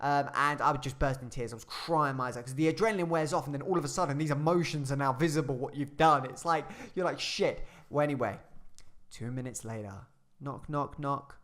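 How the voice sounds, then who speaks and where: Fast-talking sweary young man. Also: medium pitch. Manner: rambling, sweary, animated retelling. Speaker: storyteller. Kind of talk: casual storytime.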